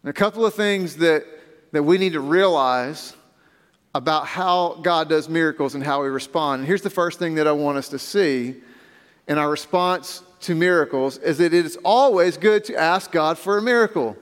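A man delivers a sermon in a high voice, moving from reading scripture to explaining it with emphatic pauses. The sound carries the long reverb of a large church hall. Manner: reads scripture aloud then expounds, with emphatic pauses. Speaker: pastor.

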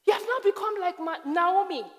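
A woman voicing a blunt woman colleague on a condolence visit, higher and pressing. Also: normal speed, a bit bright. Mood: shocked. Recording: long hall reverb.

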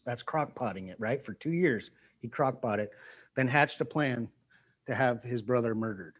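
A man's voice: mid-range voice, expressive, moderate pace, husky. Guy preaching to a small group, chatty, repeats stuff, acts out little quotes. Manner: conversational, acts out quoted voices, repeats phrases. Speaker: pastor.

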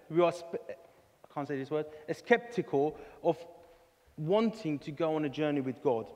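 A man preaching a sermon in a church hall, earnest and halting, often restarting his words. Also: on the high side. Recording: reverberant church hall with soft music.

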